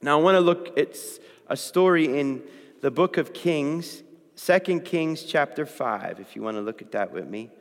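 A man's voice: a little high, expressive, moderate pace. A man preaching a sermon and reading from the Bible, talking conversationally and checking in with his listeners. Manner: conversational, keeps checking in with "okay?". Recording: long hall reverb.

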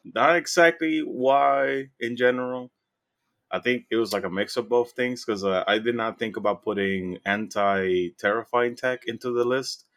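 A man's voice: mid-range voice, fairly even intonation, moderate pace, fairly bright tone. A man co-hosting a podcast, chatting casually and enthusiastically about a tabletop game, often restarting his words. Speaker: podcast co-host. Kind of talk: casual game recap chat.

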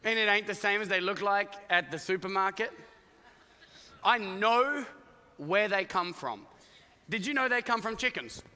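A man's voice: sits high, a little slow, pauses often, long reverb tail. A man preaching a sermon to his congregation, joking and acting out characters as he tells stories. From Iowa, United States. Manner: animated, joking storyteller acting out voices. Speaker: pastor. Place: church auditorium with congregation.

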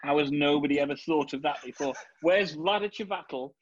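A man's voice: a little high, no echo, lo-fi sound. A man with a Yorkshire accent, chatting and joking as a guest. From Yorkshire, England. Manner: chatty, jokey, quick to laugh. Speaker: guest, board game reviewer. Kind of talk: casual chat.

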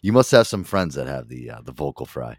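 A man hosting a casual podcast, joking around and ribbing his co-host. His low voice swings widely in pitch and is recorded dry, with no room around it. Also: very animated, fairly quick, dry recording. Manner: joking, teasing, swears a lot. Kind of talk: casual chat.

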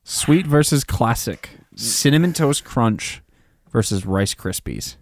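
Lively-pitched man announcing bracket matchups. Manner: announces matchups slowly, playful puns. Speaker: podcast co-host running the bracket. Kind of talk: casual chat.

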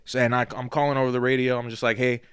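A young man co-hosting a podcast, telling stories in relaxed casual chat, swearing often and repeating himself. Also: medium pitch, rapid-fire, clean tone, no echo, clean studio sound. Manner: laid-back storytelling, swearing, repeats "you feel me". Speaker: podcast co-host.

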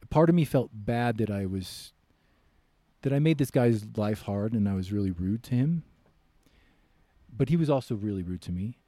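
Low-voiced American man telling a story. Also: normal speed, long pauses, no room sound. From United States. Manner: animated storyteller, acts out quoted voices loudly. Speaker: podcast guest, author. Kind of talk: casual storytelling.

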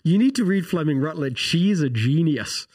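A man, co-hosting a casual theology podcast and telling rambling, animated stories full of restarts. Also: a little high, normal speed, breathy edge. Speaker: podcast co-host, pastor.

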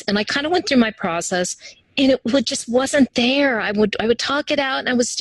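A woman's voice: a little high, brisk, dry recording, low-quality recording. A woman guest in a casual interview, talking animatedly and acting out quoted voices as she tells her stories. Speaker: interview guest, human design teacher.

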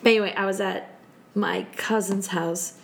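Woman in her 30s telling a story on a podcast, lots of laughs, kinda gravelly fry. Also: mid-range voice, normal speed, a little hiss or hum. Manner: animated, laughs often, acts out quotes. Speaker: podcast guest. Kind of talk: casual storytelling chat.

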